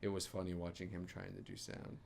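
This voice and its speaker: Low-voiced man chatting through commentary. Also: completely flat delivery, brisk, vocal fry, a little mellow. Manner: laid-back, laughing, exclamatory asides. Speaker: filmmaker giving director's commentary. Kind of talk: casual commentary chat.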